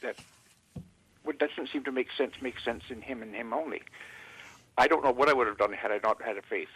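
A man from Canada, a guest in an interview, speaking haltingly with many fillers and restarts. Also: mid-range voice, fairly bright tone, breathy edge, no echo, rough recording.

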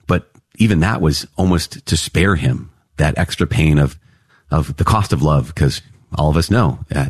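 A priest opening with prayer, then teaching Bible passages in an earnest, excitable way. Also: male voice, a bass voice, dry recording, clean studio sound. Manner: earnest, excitable, quick asides with laughs.

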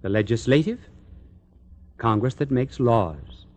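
A man giving recorded Catholic religious instruction in a dramatic, declamatory way, with long pauses between phrases. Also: mid-range voice, animated, darkish tone.

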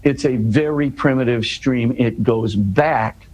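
A man's voice: medium pitch, slow, darkish tone, slight background noise, rough recording. A man, a guest in an interview, explaining scripture in earnest conversation. He restarts and repeats words, tags his points with "right?" and builds to emphatic questions.

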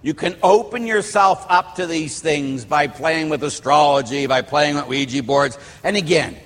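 Middle-aged man, priest, sermon, rambling storyteller, slightly raised voice, husky, church hall reverb. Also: on the high side, normal speed, a bit bright. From Pittsburgh. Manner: rambling storyteller, restarts and asides. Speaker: Catholic priest. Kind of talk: sermon with personal stories.

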